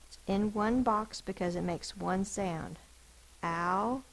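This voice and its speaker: Woman teacher, gravelly edge, slow and careful, walks young kids through spelling sounds. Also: medium pitch, low-quality recording. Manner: slow, deliberate sounding out of words. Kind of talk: phonics spelling lesson.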